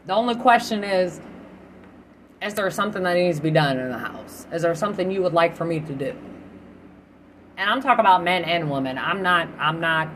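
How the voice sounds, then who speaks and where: A woman's voice: on the low side, fairly bright tone, slight background noise. A young adult woman hosting her own podcast, chatting candidly and swearing freely. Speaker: podcast host. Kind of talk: casual solo podcast chat.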